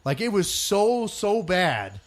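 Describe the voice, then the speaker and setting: A man's voice: high-pitched, big pitch swings, takes it slowly. A man co-hosting a podcast, ranting animatedly about shows in casual chat and swearing freely. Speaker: podcast co-host.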